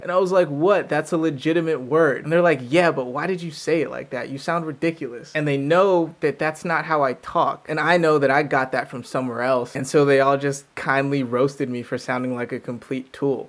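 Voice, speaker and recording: A man's voice: mid-range voice, a bit bright. A young man talking casually and reflectively to camera, telling a personal story with self-deprecating asides. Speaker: vlogger.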